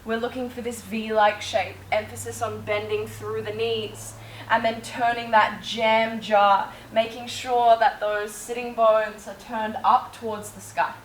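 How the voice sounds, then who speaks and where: A woman teaching a yoga class, calmly cueing breath and movement step by step. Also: fairly high pitch, a little slow, recorded from a distance, a little hiss or hum. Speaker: yoga instructor. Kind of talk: guided yoga class instruction. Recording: echoey room, faint ambience.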